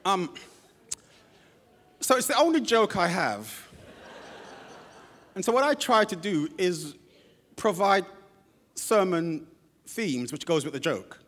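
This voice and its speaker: Animated preacher in a reverberant hall. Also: male voice, high voice, takes it slowly, pauses often. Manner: animated storytelling with acted-out quotes. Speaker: pastor. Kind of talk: sermon. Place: church.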